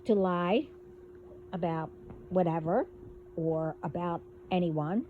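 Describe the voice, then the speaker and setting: A woman hosting a casual spiritual monologue, talking in a rambling, halting way as she delivers warnings. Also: lowish voice, narrow, tinny audio, slight background noise. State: hiccups. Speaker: spiritual video host.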